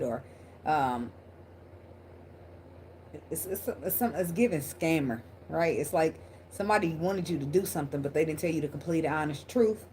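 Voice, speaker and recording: A woman's voice: low voice, darkish tone, a little hiss or hum. Blunt, profane woman reading tarot. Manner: blunt, profane and laughing, talks straight to viewers. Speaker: tarot reader. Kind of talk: casual tarot reading to camera.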